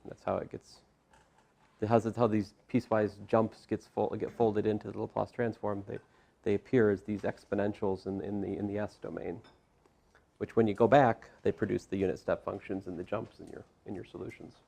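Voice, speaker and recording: A man lecturing as a math professor in a classroom, talking through each step with asides and quick self-corrections. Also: lowish voice, flat delivery, vocal fry, mellow. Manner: talks through steps with frequent asides and restarts.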